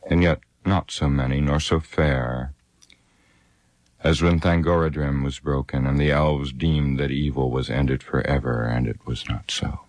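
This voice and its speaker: A man's voice: a bass voice, a little mellow, dry recording. A man voicing a grave ancient elf lord. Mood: mournful. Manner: grave, solemn.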